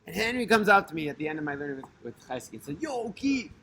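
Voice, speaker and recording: Chatty man telling a story, voice riding high. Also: expressive, very fast, bright, forceful tone. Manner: conversational, with many fillers and restarts, mixing in Hebrew religious terms. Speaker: storyteller host. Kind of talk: casual spoken storytelling.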